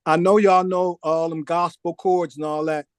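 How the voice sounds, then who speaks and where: A man with a slightly high, clear and resonant voice speaks at normal speed in a clean studio with no echo. He's a record producer guest in a casual interview, animatedly telling a long story, imitating the voices of those involved, and saying "man" repeatedly.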